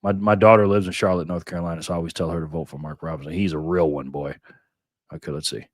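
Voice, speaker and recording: An older man hosting a casual live stream, loudly greeting viewers by name and muttering to himself while he fiddles with his phone. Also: low-pitched, steady tone, fast talker, dry recording, studio quality. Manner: loud upbeat shout-outs, drops to mutters while fiddling with phone.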